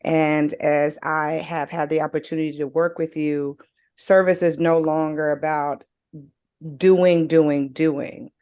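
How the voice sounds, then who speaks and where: A woman with a notably low voice speaks slowly and deliberately over a video call. She shares earnest, emphatic reflections, stressing her key words. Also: level tone, darkish tone, clear, resonant tone. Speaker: game participant. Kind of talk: reflective personal sharing.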